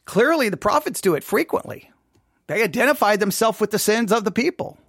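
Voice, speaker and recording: A man teaching scripture in a loose, conversational way, his pitch rising and falling freely. He thinks aloud and turns questions back to his listeners. The sound is close and dry. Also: animated, fairly bright tone, breathy edge, no room sound. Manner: thinks aloud, asks listeners questions, mimics in quick bursts. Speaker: pastor leading a Bible study.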